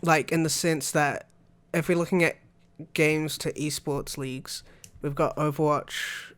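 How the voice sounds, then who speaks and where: Young male podcast co-host, chatty and rambling, light higher voice. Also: fairly even intonation, measured pace, a bit bright, clear, resonant tone. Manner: rambling, chatty, laughs often. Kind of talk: casual gaming chat.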